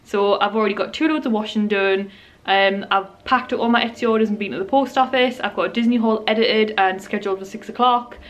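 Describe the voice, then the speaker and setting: A woman's voice: medium pitch, steady tone, brisk. A young woman, talking casually to her camera at home in a rambling, chatty way. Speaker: vlogger. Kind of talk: casual home vlog chat. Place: at home, indoors.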